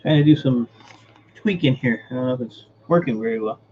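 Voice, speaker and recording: A man's voice: medium pitch, fairly quick, phone-quality sound, slight background noise. A man hosting a casual livestream, greeting viewers by name and muttering while he fixes his setup. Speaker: livestream host. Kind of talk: casual live-stream chat.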